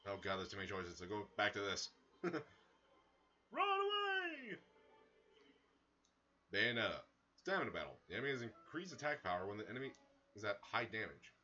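A man giving casual, excitable commentary as he plays a video game, breaking into sudden loud outbursts. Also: on the low side, fast talker, dull audio, slight background noise. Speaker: gaming streamer. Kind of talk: casual let's-play commentary.

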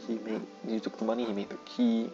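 A man's voice: on the low side, flat delivery, fast, highs cut off, music in the background. A man giving casual gameplay commentary, often exclaiming in frustration at the game.

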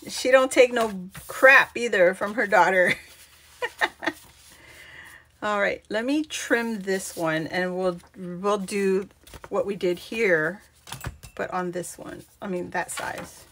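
A woman's voice: mid-range voice, animated, slow pace, pauses often, fairly bright tone. A woman hosting a live craft stream, chatting casually, laughing often and greeting viewers by name. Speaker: crafting channel host.

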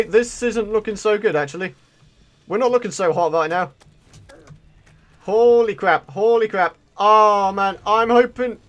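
High, bright-voiced gamer. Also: male voice. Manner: chatty, excitable, exclaims often. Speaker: let's play host. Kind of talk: gameplay commentary.

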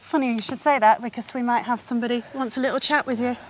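A woman's voice: on the high side, steady tone, very fast, slight background noise. A woman from England presenting a daytime TV interview, gushing and affectionate, calling guests darling.

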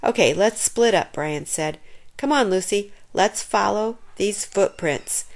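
A woman reading a children's chapter book aloud, narrating expressively and giving the characters lively voices. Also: mid-range voice, a little slow. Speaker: storyteller.

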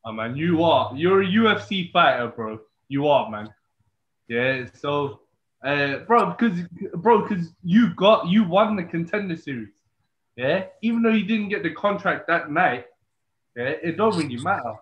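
Male podcast host, fairly high voice, muffled roomy sound, loose chatty questions. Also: expressive, a little slow. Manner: loose, repeats "bro" and "yeah" as tag questions. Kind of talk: casual interview chat. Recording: echoey, muffled lo-fi audio.

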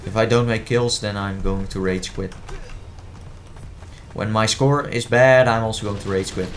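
A man's voice: on the low side, steady tone, normal speed, slight background noise. A man commentating his own gameplay in a playful, easily exasperated way, often stammering and repeating words. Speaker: gaming commentator.

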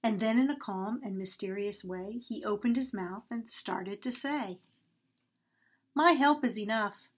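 A woman reading a rhyming story aloud to children at a church, expressive and sing-song. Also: mid-range voice, normal speed, few pauses, slightly rough.

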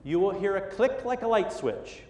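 A man's voice: high-pitched, animated, moderate pace, a little mellow, roomy sound, long reverb tail. A middle-aged man preaching a sermon, telling a story with lots of energy and acting out the voices and sounds. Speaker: pastor. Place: church sanctuary.

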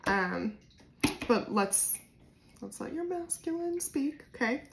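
A woman with a New Jersey accent giving a casual, spontaneous tarot reading to camera, swinging between soft musing and loud bursts. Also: high voice, sing-song, takes it slowly, gravelly, slight background noise. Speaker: tarot reader.

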